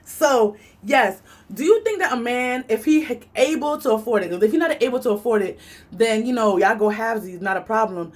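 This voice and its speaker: A woman telling a story in an animated, chatty vlog. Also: a little fast. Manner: animated and chatty, big swings in pitch. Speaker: vlogger.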